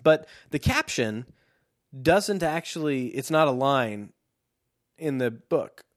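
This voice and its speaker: A man's voice: medium pitch, expressive, takes it slowly, no echo. A man co-hosting a casual podcast, reading passages from a book and adding dry, wordy asides. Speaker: podcast co-host.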